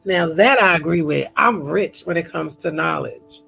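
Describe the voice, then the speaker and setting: A woman's voice: low-pitched, normal speed, vocal fry, a bit bright, soft background music, low-quality recording. A woman in her forties hosting a candid personal vlog. She talks in an emotional, heartfelt way, with laughing asides. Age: 40s. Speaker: host.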